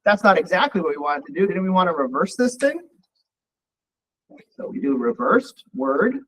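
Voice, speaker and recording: This college programming instructor has a high-sitting voice and speaks at normal speed over slight background noise in a rough recording. Relaxed, he thinks aloud while typing and running code during a live coding lecture.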